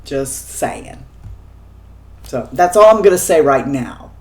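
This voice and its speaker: A woman beauty vlogger wrapping up her video with warm, teasing asides to her viewers. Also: rumbling low, expressive, takes it slowly. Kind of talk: casual channel sign-off.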